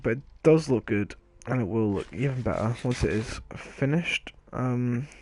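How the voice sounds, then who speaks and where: A man's voice: mid-range voice, expressive, normal speed, a little mellow, a little hiss or hum. Rambling man narrating his gameplay. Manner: rambling, self-deprecating, trails off mid-sentence. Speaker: gaming video host. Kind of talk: casual let's play commentary.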